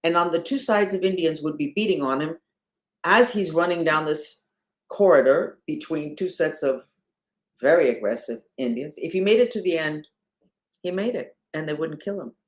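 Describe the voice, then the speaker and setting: A woman, a spiritual movement leader, talking casually and rhetorically to her followers, swinging between emphatic and hushed delivery. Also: deep voice, animated, normal speed.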